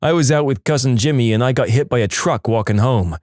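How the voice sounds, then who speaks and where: A man's voice: medium pitch, fairly quick, a little mellow, dry recording, clean studio sound, close to an everyday voice. A man voicing a folksy, cheerful man on a phone call, old-fashioned and polite in his manner.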